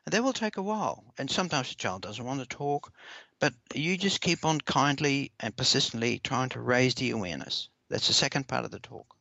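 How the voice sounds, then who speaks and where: A man answering interview questions in a measured, earnest way, often repeating words as he explains. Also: medium pitch, animated, creaky, bright, forceful tone, dry recording. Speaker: parenting expert guest. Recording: dull lo-fi dry recording.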